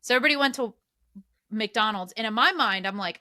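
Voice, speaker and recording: A woman's voice: a little high, animated, fast, sharp tone, dry recording, clean studio sound. A woman in her thirties, co-hosting a podcast and telling a rambling, self-mocking story in casual chat. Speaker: podcast co-host.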